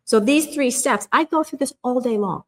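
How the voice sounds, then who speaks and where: A woman's voice: high-pitched, normal speed. A middle-aged woman guest on a podcast interview, explaining a communication skill in an earnest, emphatic way and acting out quoted inner voices.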